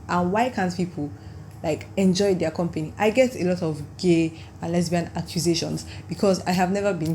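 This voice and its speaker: A young woman of nineteen hosts her own podcast, talking in a loose, rambling way full of "like." Her voice is tired and sits a little low for a woman. A faint hiss hangs under her voice. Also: a little mellow. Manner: rambling and chatty, heavy use of "like". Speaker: podcast host. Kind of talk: casual solo podcast chat.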